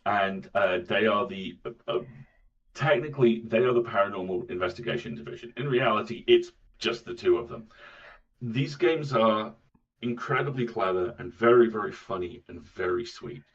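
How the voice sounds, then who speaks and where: A man with a low voice recounts things eagerly, stumbling and restarting. His voice comes through dull and a little far from the mic. It sounds like remote call audio. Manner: enthusiastic storyteller, halting restarts. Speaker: voice actor guest. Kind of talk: casual interview chat.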